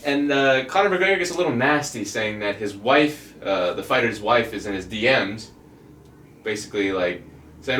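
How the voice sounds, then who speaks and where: A man's voice: fairly low pitch, expressive, normal speed, pushed and bright, echoey room, far from the mic, a little hiss or hum. A man co-hosting a casual chat podcast, rambling with lots of fillers and laughing often. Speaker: podcast co-host.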